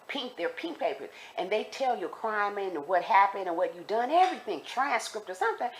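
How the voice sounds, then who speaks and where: Speaking directly to her viewers, a woman shares a personal story in a casual, lively manner and repeats herself for emphasis. Her voice is mid-range and fairly quick, with a bit of hiss or hum on the recording.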